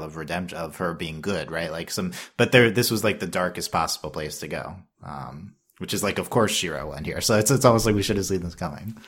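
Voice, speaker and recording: Man with a very low voice, casual podcast co-host, rambling, self-correcting delivery, laughs a lot. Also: fairly bright tone, slightly rough. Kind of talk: casual chat.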